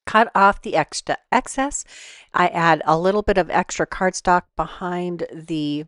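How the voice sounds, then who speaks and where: A woman with a fairly low voice talks through a paper craft project step by step, relaxed and unhurried, with the odd "um". The recording is dry and close, with no room sound. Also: dry recording. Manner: relaxed, step-by-step explaining with fillers. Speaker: card-making tutorial host. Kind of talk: voice-over craft tutorial.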